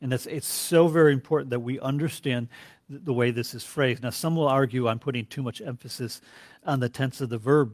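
A male Bible teacher gives a deliberate classroom lecture at a mid pitch. He reads scripture aloud and pauses to put questions to his students. His voice is close and dry, with almost no room sound. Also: no echo.

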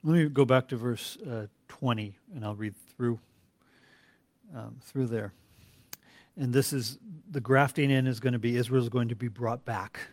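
A man teaching a classroom Bible lecture, reading scripture aloud and quizzing his class in an earnest, deliberate way. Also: medium pitch, dry recording.

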